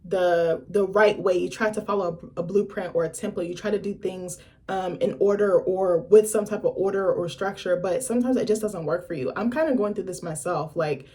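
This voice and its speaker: A young adult woman vlogger in casual chat to camera, talking in a chatty, blunt and profane way with lively asides. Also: fairly low pitch, brisk, few pauses.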